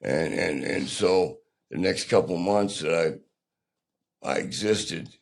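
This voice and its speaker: Older man, very low voice, gravelly fry, plainspoken halting storyteller, podcast guest. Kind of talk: candid personal storytelling.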